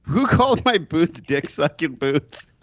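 A man in casual chat, profane and quick to laugh. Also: fairly high pitch, sing-song, dry recording, dull audio.

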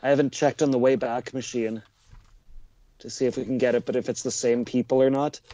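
A man on a casual podcast, mostly chiming in with short agreements and side comments. His voice is mellow and warm. The recording is dry and close to the mic. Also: mid-range voice, steady tone, brisk, no room sound. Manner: brief agreeing interjections. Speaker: podcast co-host. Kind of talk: casual chat.

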